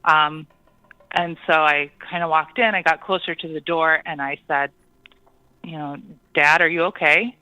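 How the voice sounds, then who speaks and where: A caller telling a personal ghost story on a call-in show, hesitant, with many pauses and ums. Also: medium pitch, steady tone, bright, forceful tone, smooth, dry recording, rough recording.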